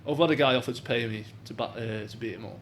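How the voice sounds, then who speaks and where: A man's voice: medium pitch, racing. Young manchester bloke yapping about his life, loads of "like", bit of room hum behind. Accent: Mancunian. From England. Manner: chatty storytelling, swears, many "like" fillers. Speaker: professional boxer guest. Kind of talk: casual chat.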